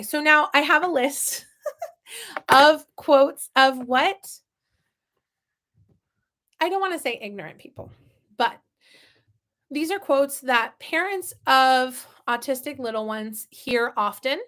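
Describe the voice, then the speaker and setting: High-pitched, earnest chatty woman. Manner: earnest, chatty, with many fillers and soft asides. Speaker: parent talking about her autistic toddler. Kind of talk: casual explanatory talk to camera.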